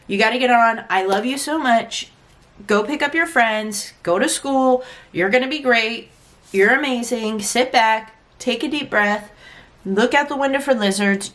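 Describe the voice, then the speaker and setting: A woman's voice: fairly high pitch, a bit bright. A young adult woman chatting frankly in a casual storytime vlog, acting out quoted lines and saying "like" often. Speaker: vlogger and parent.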